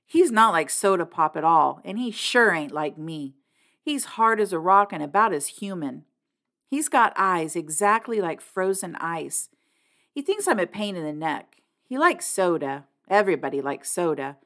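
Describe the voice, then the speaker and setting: A bitter teenage boy lashing out, as a woman reads him aloud. His lines come raised and heated in a lowish voice. An audiobook reading. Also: lively intonation, normal speed, fairly bright tone. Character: bitter hot-tempered teenage boy narrator.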